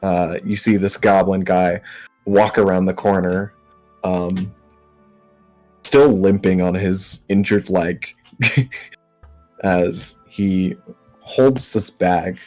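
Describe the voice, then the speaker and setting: A man runs a tabletop session as game master, taking his time over each scene and leaning on ums and uhs. His pace is slow and unhurried. Faint music plays under the talk. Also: sits low. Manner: relaxed, filler-heavy narration.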